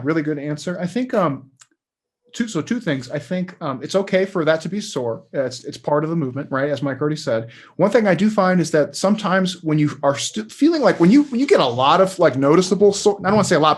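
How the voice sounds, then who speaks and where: High-voiced husky man, relaxed and agreeable. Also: fast. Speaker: co-host of a fitness webinar. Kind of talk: casual webinar Q&A.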